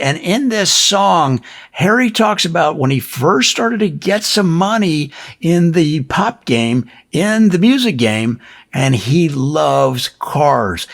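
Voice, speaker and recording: A man telling absurd made-up stories in a deadpan, mock-earnest manner, like a comedian explaining song lyrics. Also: medium pitch, gravelly, husky.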